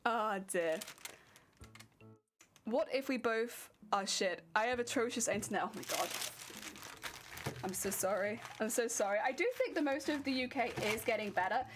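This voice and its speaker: A woman's voice: a little high, normal speed, long pauses, soft background music. A young woman from Wales chatting casually on a livestream while ironing fabric, reading chat aloud and laughing often. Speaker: craft streamer.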